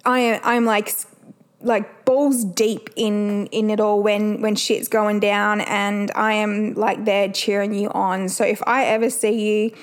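A woman's voice: medium pitch, flat delivery, a little slow. A woman, hosting a podcast and chatting candidly, swearing freely. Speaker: podcast host. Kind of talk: casual solo podcast chat.

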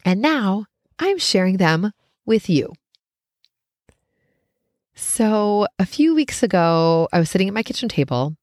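A woman hosting her own show, telling a personal story in a casual, animated way, laughing often and jumping up in pitch when she gets excited. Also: a little slow, long pauses, no echo, clean studio sound. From United States.

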